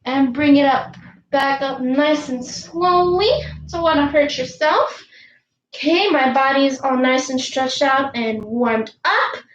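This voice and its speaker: High-voiced woman coach counting slowly. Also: highs cut off, a little hiss or hum. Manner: counts aloud, upbeat, talks of herself in third person. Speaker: youth sports coach. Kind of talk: online warm-up and lesson. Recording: echoey room.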